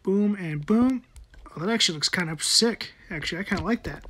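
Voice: medium pitch, expressive, brisk, a bit bright, slight background noise. A person giving casual gameplay commentary, muttering to themselves while building and swearing often.

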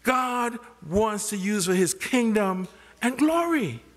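A man's voice: high-pitched, expressive, slow pace, fairly bright tone. An older man preaching a sermon as pastor. He keeps asking the congregation questions and lets them finish his sentences. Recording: long reverb of a large hall.

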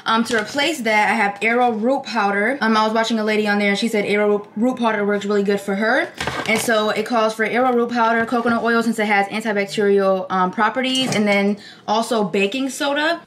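Young woman, casual vlog chat, sassy, talkative, fairly high pitch, noisy recording. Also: steady tone, a little fast, fairly bright tone. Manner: chatty, sassy, talks back at other drivers. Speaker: vlogger. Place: in a car while driving, then at home. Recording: noisy car recording with wind.

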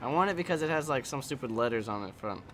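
A man's voice: mid-range voice, lively intonation, fast, fairly bright tone, a little hiss or hum. A man giving casual let's-play commentary while he games, rambling, joking and swearing. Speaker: gameplay commentator.

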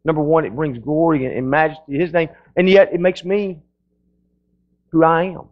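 A man's voice: fairly high pitch, steady tone, moderate pace, muffled recording. A male pastor preaching a sermon in a folksy storytelling way, often restarting his sentences.

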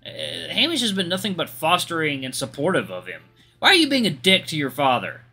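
Husky bright-voiced game host. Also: male voice, on the high side, wildly swooping pitch, fairly quick, faint music behind. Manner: casual, joking asides. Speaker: let's play host. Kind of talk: reading a visual novel aloud with commentary.

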